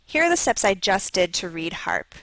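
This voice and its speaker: A woman with a gravelly edge reads a scripted phonics lesson, slowly and clearly sounding out each letter. The recording is dry and close, with no room sound. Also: mid-range voice, very animated, a bit bright, dry recording, low-quality recording. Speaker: lesson video narrator. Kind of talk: scripted instructional narration.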